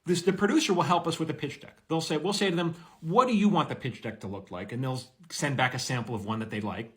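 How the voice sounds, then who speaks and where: A screenwriter giving blunt, energetic, wisecracking advice straight to the camera. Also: male voice, on the high side. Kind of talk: direct-to-camera advice monologue.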